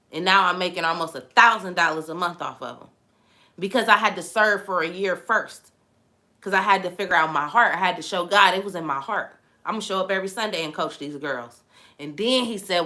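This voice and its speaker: A young woman hosting a casual livestream chat, animated and exclamatory, talking straight to her viewers. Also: mid-range voice. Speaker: host.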